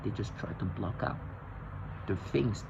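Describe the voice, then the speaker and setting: A man's voice: on the low side, unhurried, creaky, lo-fi sound, noisy background. A man vlogging in an agitated, intense monologue, often restarting and repeating himself. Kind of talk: rambling monologue to camera.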